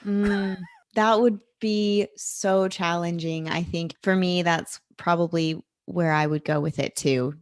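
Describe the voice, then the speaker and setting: Slow-spoken supportive woman host. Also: fairly low pitch, fairly even intonation, smooth, no room sound, studio quality. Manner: supportive, affirming listener. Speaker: podcast host. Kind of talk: casual podcast interview.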